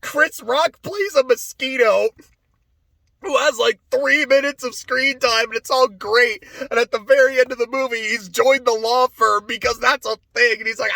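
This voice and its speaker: High-voiced man rambling through a movie review. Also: normal speed, vocal fry, dry recording. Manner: rambling, excitable, laughs and swears often. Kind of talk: off-the-cuff casual review.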